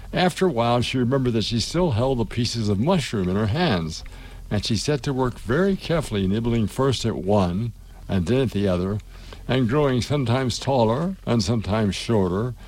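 A radio host with a lowish, darkish voice reads a children's classic aloud and chats loosely between pieces. His manner is unhurried and folksy, with lots of fillers.

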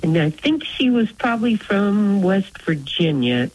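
A woman's voice: mid-range voice, very animated, unhurried, a little mellow. A woman from North Dakota calling a radio show, friendly and homespun, laughing easily. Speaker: caller. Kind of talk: phone call to radio show. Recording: phone line on radio.

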